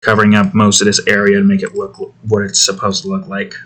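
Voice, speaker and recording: A man's voice: fairly low pitch, monotone, fast, a bit bright, breathy edge. A man talking casually to himself while drawing digital art, muttering about his work and snapping at his cat. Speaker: artist drawing on stream.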